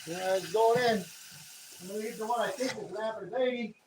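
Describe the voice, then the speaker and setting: Excitable man, casual live streamer, light noise behind. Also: high-pitched, brisk. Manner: excitable, whoops and laughs often. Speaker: live streamer casting metal.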